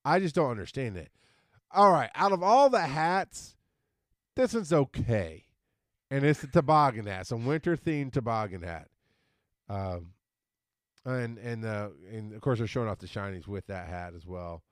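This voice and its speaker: A man's voice: mid-range voice, lively intonation, moderate pace, no echo, studio quality. A middle-aged man co-hosting a casual podcast chat, rambling and stumbling over words. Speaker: podcast co-host.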